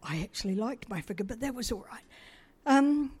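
A woman's voice: on the high side, lively intonation, normal speed, darkish tone, slightly rough. A middle-aged woman from New Zealand telling a personal testimony in a chatty, self-deprecating way, acting out the dialogue as she goes.

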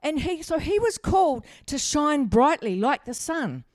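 A woman's voice: sits high, very animated, unhurried, dry recording, studio quality. A middle-aged woman, preaching a sermon in a chatty, humorous way and asking the congregation questions. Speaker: pastor. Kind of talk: sermon with personal stories.

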